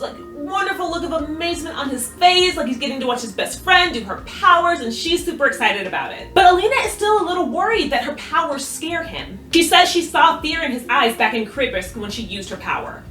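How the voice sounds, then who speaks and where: A woman in a casual recap vlog, excitable and animated, swearing freely as she retells the scenes. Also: high-pitched. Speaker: recap youtuber. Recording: roomy, distant mic with music.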